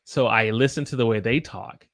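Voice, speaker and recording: A Southern American man chats through a relaxed live English lesson, reading out viewers' comments and showing off his own dialect. His voice sits in a middle pitch range, and the sound is dry and close, with no room echo. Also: normal speed. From Southern United States. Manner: chatty, reads viewer comments aloud, demonstrates pronunciation. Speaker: English teacher. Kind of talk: casual livestream English lesson.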